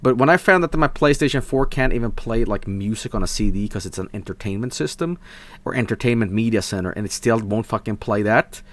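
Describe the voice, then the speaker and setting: On a live stream, a young Swedish man with a Swedish accent chats casually, brisk and excitable, swearing as he swings between mumbling and shouting. His voice is on the low side.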